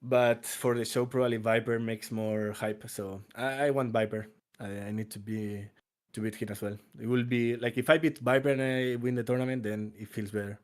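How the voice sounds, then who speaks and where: A man's voice: mid-range voice, steady tone, moderate pace. A man interviewed as a pro player, speaking modestly with some hesitation. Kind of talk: casual interview.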